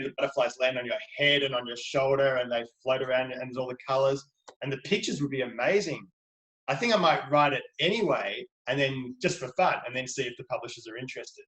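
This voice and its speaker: A middle-aged Australian children's book author appears as a guest on a video call interview for kids, chatting eagerly, enthusiastically, and playfully. His medium-pitched, slightly bright voice moves fairly quickly, and the audio is poor with a roomy sound.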